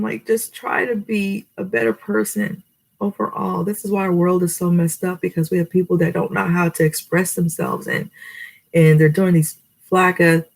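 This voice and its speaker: A middle-aged woman rambles through life advice in a casual home vlog, recorded in her bedroom. Her voice is husky with a gravelly edge, and she wanders off topic. She often laughs at herself. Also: on the low side, a little mellow, poor audio. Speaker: vlogger.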